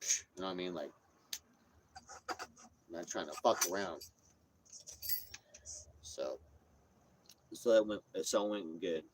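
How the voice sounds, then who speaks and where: A man's voice: low-pitched, slow pace, pauses often, noisy background. A man livestreaming from his parked RV on a phone, rambling and repeating himself, swearing freely in casual chat. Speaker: streamer. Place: inside a parked RV.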